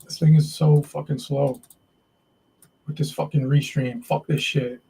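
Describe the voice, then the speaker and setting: Husky guy on a trading stream, kinda high voice, grumbly and cussing while he trades. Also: little pitch movement, measured pace, mellow, poor audio. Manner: frustrated, swearing, talking to himself while trading. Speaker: day trading stream host. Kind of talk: live trading stream commentary.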